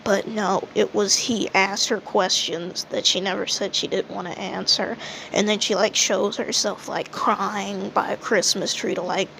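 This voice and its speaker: Woman, gravelly fry voice, indignant rant, vlog commentary. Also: medium pitch, steady tone, unhurried, fairly bright tone, a little hiss or hum, rough recording. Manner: indignant, heavy use of "like" fillers. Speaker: commentary vlogger. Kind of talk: ranting commentary monologue.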